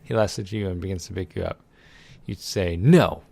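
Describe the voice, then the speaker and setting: A man's voice: deep voice, fairly even intonation, fairly quick, gravelly, darkish tone, no echo. A man reading a text game aloud and adding sarcastic, irreverent commentary, swearing freely. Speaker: let's play gamer.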